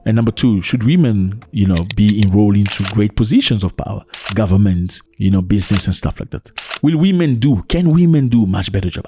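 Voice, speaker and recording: A man from Africa, hosting a casual opinion vlog outdoors and firing rhetorical questions at his viewers in an excitable way. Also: medium pitch, no room sound, studio quality. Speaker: vlogger host. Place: outdoors in cold weather.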